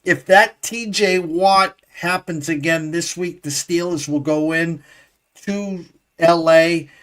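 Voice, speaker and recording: A man hosting a sports betting show, talking in a halting way with many fillers and stammered restarts. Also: on the high side, fairly even intonation. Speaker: host. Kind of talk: casual sports betting talk.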